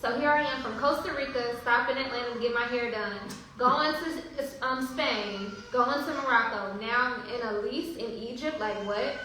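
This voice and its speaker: A woman telling a travel story in a casual, animated way, laughing often and talking about spiritual signs. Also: fairly high pitch, normal speed, hardly any pauses. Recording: very echoey room with faint hiss.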